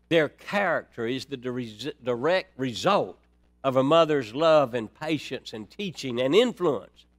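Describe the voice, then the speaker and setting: A man preaching a sermon, folksy and dynamic, dropping to near-quiet then rising high and loud. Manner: dynamic, swings from soft to loud, folksy asides.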